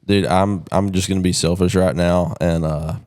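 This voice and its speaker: A man's voice: sits low, fairly even intonation, normal speed, a little mellow. A man hosting a podcast, asking a guest questions in a laid-back, hesitant way with ums. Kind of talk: casual interview questions.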